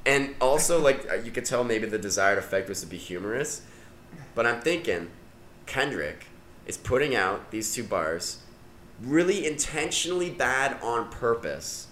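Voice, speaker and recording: A young man co-hosting a podcast in casual, animated chat, swearing and laughing often. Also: mid-range voice, moderate pace, slight background noise. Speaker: podcast co-host.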